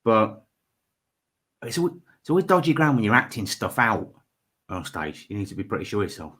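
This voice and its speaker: Wry low-voiced northern English man. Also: very animated, moderate pace, fairly bright tone, breathy edge. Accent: generic northern English. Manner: wry, self-mocking. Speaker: comedian reacting to old footage. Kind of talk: casual reaction commentary.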